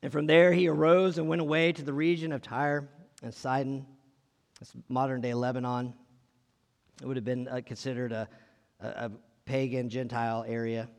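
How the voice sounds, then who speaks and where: A man's voice: mid-range voice, little pitch movement, normal speed, long reverb tail. A man preaching a conversational sermon, reading scripture and asking his listeners questions in a casual way. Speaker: pastor.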